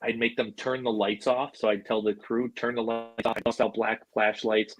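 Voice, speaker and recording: A middle-aged man from Buffalo, New York, USA, who works as an animal handler, tells stories as a podcast guest in a loose, chatty way, full of "like," "you know," and casual swearing. His voice is medium-pitched, level, a bit bright, at normal speed. Soft background music plays, and the audio quality is poor.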